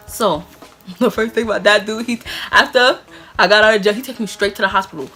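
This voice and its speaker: A young woman telling a personal story in a casual storytime vlog, animated and rambling, with lots of fillers and laughs. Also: medium pitch, brisk, faint music behind. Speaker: vlogger.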